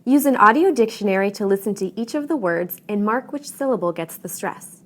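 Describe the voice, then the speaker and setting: A woman teaching English pronunciation in a clear, deliberate, scripted lesson narration. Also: medium pitch, animated. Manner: clear, deliberate teaching delivery with modeled stress patterns.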